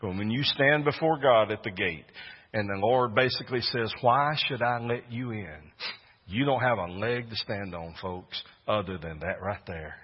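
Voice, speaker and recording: A man preaching a sermon in an earnest way that swells to loud, fervent peaks. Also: fairly low pitch, normal speed, husky, big-room sound, muffled recording. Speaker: pastor.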